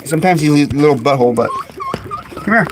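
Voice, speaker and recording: A man hosting a casual live stream outdoors among his birds, chatting away and calling to them in high coaxing tones, recorded on a phone. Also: expressive, quick pace, background noise. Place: outdoors in a bird yard on a sunny day. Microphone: phone camera.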